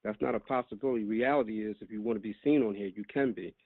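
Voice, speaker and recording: A man with a lower voice hosts a call-in podcast and presses his points in a deliberate way. He is heard over a tinny, phone-like line. The sound is dry. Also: no echo. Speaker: podcast host.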